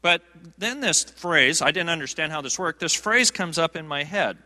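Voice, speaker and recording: A man's voice: on the high side, animated, moderate pace, pushed and bright. A man preaching a sermon, telling a humorous, self-deprecating story with frequent fillers and restarts. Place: church sanctuary. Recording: long reverb of a large sanctuary.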